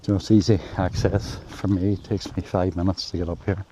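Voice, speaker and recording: A man's voice: sits low, little pitch movement, a little fast, dark tone, a little hiss or hum. A man vlogging casually while walking uphill through a forest, rambling with lots of fillers and a bit out of breath. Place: outdoors in a forest on a hill.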